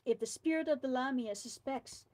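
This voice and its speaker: A woman's voice: sits high, normal speed, poor audio. Woman reading a scary story aloud. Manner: dramatic storybook reading with quiet asides.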